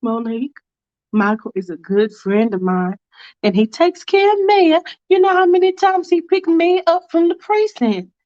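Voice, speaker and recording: A woman's voice: extremely high pitch, animated, moderate pace, darkish tone, lo-fi sound. A woman voicing a firm, scolding church-going mother. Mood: stern.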